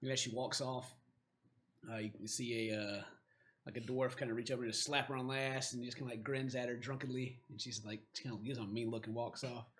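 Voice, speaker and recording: A man's voice: mid-range voice, flat delivery, fast talker, a bit bright. A man narrating a tabletop game as dungeon master, rambling with many fillers.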